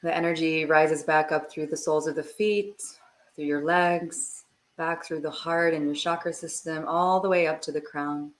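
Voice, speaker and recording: A woman energy healer guiding a slow, soothing meditation in a hushed voice. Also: low voice, fairly even intonation. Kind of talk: guided meditation. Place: home, livestream.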